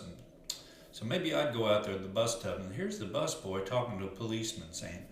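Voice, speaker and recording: A man's voice: on the low side, expressive, a little fast. Folksy man in an echoey room. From Arkansas. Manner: rambling, earnest, folksy. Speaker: life coach. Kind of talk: casual storytelling monologue. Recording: very echoey room, faint noise.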